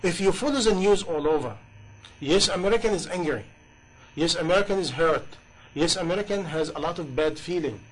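A man's voice: on the high side, expressive, brisk, husky, rough recording. A man preaching a sermon in passionate, English, with many rhetorical questions. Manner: impassioned, rhetorical questions, non-native grammar.

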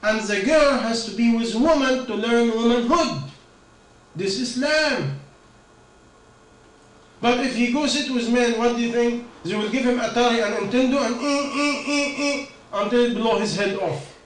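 Man preaching, high voice, rhetorical questions, echoey room, distant mic. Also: normal speed, slight background noise. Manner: questioning, rhetorical, non-native phrasing. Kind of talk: informal religious talk.

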